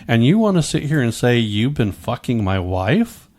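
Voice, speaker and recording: A man's voice: medium pitch, sing-song, moderate pace, darkish tone. A middle-aged man telling his own story in casual chat, rambling with many stammered restarts and frequent swearing.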